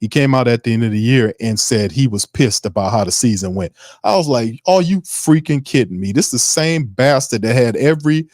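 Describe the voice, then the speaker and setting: A man's voice: mid-range voice, animated, fairly quick, a little mellow, no echo, studio quality. Fired-up ranting New man. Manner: fired-up, ranting, profane, mocking impressions. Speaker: sports podcast host. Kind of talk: heated sports commentary stream.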